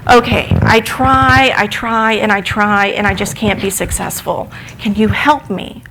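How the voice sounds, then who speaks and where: A woman's voice: medium pitch, steady tone, measured pace, fairly bright tone, a little hiss or hum. A woman voicing a young man who doubts himself at first and later gushes with thanks, in a spoken parable. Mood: doubtful. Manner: doubting, then gushing with thanks. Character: anxious then confident young man.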